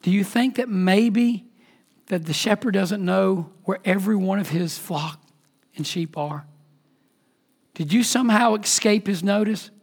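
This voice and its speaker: A man preaching a sermon with a high voice. He delivers it with emphasis, leaning into key words, then sinks to a near hush before building back up. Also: measured pace. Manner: emphatic preaching, swings between loud and hushed. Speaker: pastor.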